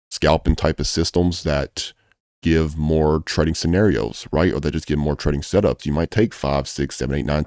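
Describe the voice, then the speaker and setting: Very deep-voiced blunt, profane man. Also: darkish tone, dry recording, clean studio sound. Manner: blunt and profane, hammering points home by repeating them. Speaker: trading coach. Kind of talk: casual trading advice video.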